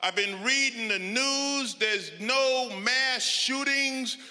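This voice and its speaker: An American stand-up comedian, loud and exasperated, performing a live set with mock-serious asides. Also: male voice, very high voice, takes it slowly. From United States. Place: large comedy venue, crowd present. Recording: live hall with long reverb and crowd.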